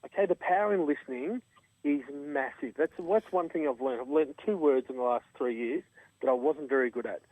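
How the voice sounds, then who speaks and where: An Australian man tells an earnest, emphatic story as an interview guest. His voice sits fairly high for a man. It comes through a tinny, phone-like line with a dry, close sound. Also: fairly quick, no echo. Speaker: guest, charity co-founder.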